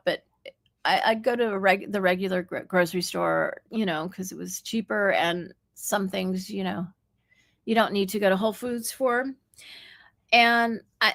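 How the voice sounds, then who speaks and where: A woman in her fifties, a livestream host, telling a long personal story in a rambling, halting way with many restarts. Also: mid-range voice, creaky, pushed and bright, dry recording, clean studio sound.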